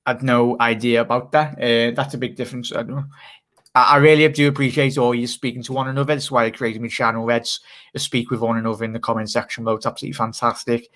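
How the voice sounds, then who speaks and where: A man hosts a relaxed live stream. He chats casually and reads fan comments aloud, laughing easily and calling viewers "mate". His voice sits at a middle pitch. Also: fast talker. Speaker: channel host.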